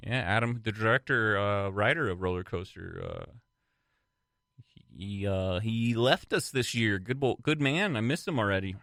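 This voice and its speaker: A man's voice: fairly low pitch, lively intonation, moderate pace, vocal fry, a bit bright, no echo, clean studio sound. A man hosting a podcast, joking and chiming in over the others in casual chat. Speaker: podcast host.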